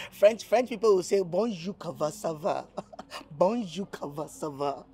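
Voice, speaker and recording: A man's voice: high voice, expressive, a little slow, a little mellow, a little hiss or hum. A man playing a giggling Nigerian flirt. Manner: laughing, teasing, pushy pidgin-tinged flirting. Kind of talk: Nollywood film acting.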